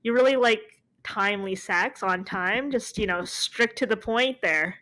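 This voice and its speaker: A woman's voice: mid-range voice, a little slow, sharp tone, poor audio. Playful woman, laughing podcast co-host. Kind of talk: casual comedic chat.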